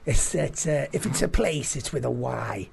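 An English man tells a rambling anecdote in casual chat, his voice gravelly with fry and lively in pitch. He swears freely and hesitates often. A faint room hiss sits underneath. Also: moderate pace.

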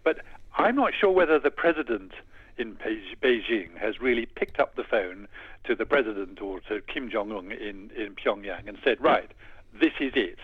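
A male defense analyst talks through events in a measured, explaining way, often restarting his phrases. His voice is husky and sits at an ordinary pitch. The sound comes over a dull, lo-fi broadcast line with a dry, close feel. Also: animated, no room sound. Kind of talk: radio news interview.

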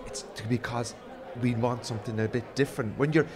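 Fast-talking Irish man from Cork. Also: mid-range voice, steady tone, a crowd in the background. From Ireland, Cork. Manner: rambling, full of "like" and "you know". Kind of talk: casual chat.

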